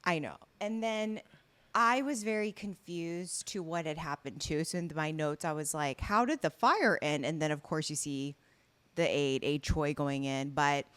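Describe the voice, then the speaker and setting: A young woman co-hosting a casual drama podcast, lively and incredulous as she recaps scenes. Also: a little slow, clear, resonant tone. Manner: lively, incredulous, swoops in pitch. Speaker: podcast co-host. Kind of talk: casual chat.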